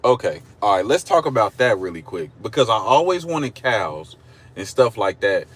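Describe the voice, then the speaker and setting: A man's voice: fairly low pitch, big pitch swings, moderate pace, slightly rough. A man with an Oklahoma country accent, chatting casually and rambling on a livestream from his car, joking with his viewers. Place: in a car at a drive-thru. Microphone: phone camera.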